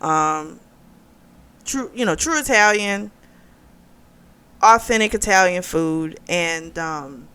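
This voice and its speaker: A young woman hosting a book club video, retelling a plot in a chatty, animated way with frequent laughs and fillers. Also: fairly low pitch, takes it slowly, long pauses, clean tone.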